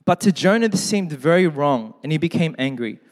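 Male pastor, slightly high voice, casual preaching with jokes, scripture readings, echoing church hall. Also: animated, fairly quick. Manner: conversational, joking asides; reads scripture aloud. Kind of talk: sermon. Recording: long hall reverb.

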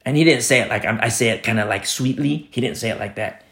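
Preaching a sermon, a man drives points home by repeating phrases and tells stories with casual asides and fillers. His voice is medium-pitched, quick and a bit bright.

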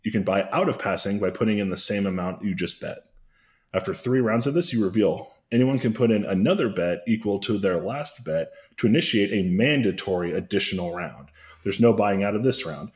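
Low-voiced man recapping with dry jokes. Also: lively intonation, brisk, darkish tone. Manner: rambling, self-correcting recap with dry jokes. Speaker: podcast host. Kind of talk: comedic recap chat.

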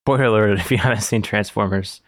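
Joking podcast guy, laughs a lot, lowish voice, dry room. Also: fast talker, no echo. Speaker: podcast host. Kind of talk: casual chat. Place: room, recorded in person with co-hosts.

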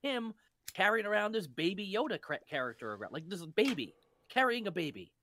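A man co-hosting a casual podcast chat, talking in an animated, emphatic way as he criticizes a show. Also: sits high, a little fast, a little hiss or hum. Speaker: podcast co-host.

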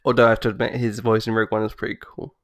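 A man with a lowish voice chatting casually on a podcast. He rambles enthusiastically, restarting his sentences as he goes, and the recording sounds dry and close. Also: flat delivery, racing, dry recording. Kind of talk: casual chat.

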